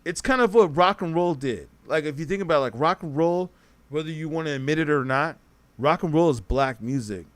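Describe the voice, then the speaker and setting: A man with a slightly high voice speaks briskly while hosting a casual livestream podcast. He reads his live chat and talks straight to it, rambling and correcting himself.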